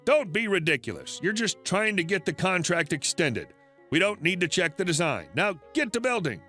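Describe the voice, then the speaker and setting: A man's voice: high voice, sing-song, moderate pace, soft background music, full character voice. A man voicing an arrogant, angry male fuel company manager who talks down to a builder. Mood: dismissive. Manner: shouting, scornful.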